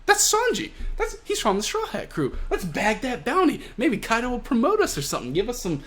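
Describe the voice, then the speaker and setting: A man's voice: very high voice, huge pitch swings, fairly quick, a bit bright, pitched above the performer's own voice, full character voice. A greedy pirate grunt, as a man puts him on in a raised, goofy voice. He rambles on about loot and rewards in a comic retelling. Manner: daydreaming, greedy. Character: greedy low-level male pirate grunt.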